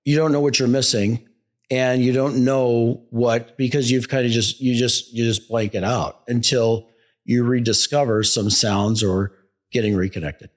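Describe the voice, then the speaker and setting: A man of medium pitch, a business executive who is a guest on a podcast. He talks with enthusiasm and stumbles into frequent restarts and filler phrases as he builds his points. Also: fairly even intonation, normal speed. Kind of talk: conversational podcast interview.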